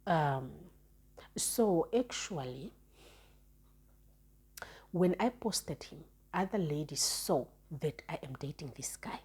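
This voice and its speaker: A young woman talks through a personal story in a relaxed vlog monologue. Her voice sits low, dark and mellow, with a very husky, breathy grain. She is frank and chatty, often stumbling and repeating words as she restarts. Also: takes it slowly, long pauses. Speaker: storytime vlogger.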